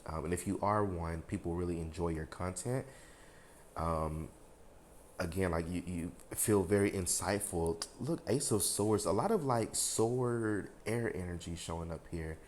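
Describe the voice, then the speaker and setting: A man's voice: deep voice, a little slow, a little hiss or hum. A man giving a casual tarot reading to his viewers, rambling with lots of fillers and talking frankly, with a bit of swearing. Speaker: tarot reader.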